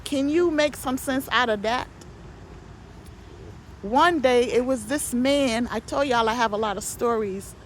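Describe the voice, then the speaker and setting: A chatty woman with a slightly raised pitch tells stories about her neighbors in a loose, gossipy way. She swears, then apologizes for it. Her voice carries faint outdoor ambience behind it. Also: unhurried, a little hiss or hum. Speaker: vlogger telling neighborhood stories. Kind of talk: casual storytelling monologue. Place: outdoors near parked vehicles.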